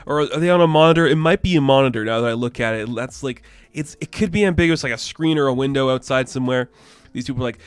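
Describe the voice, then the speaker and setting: A man's voice: medium pitch, fast talker, smooth, dry recording. Chatty young man reviewing comics. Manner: enthusiastic, rambling, chatty. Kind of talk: casual video review.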